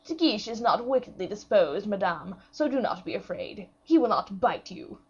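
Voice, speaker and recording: A woman's voice: medium pitch, sing-song, normal speed, breathy edge, lo-fi sound. A woman voicing a vain, coaxing royal prince. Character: vain, pompous royal prince, grown man.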